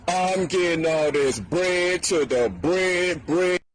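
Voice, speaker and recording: A man's voice: high voice, slow pace. A man boasting and taunting in a played clip.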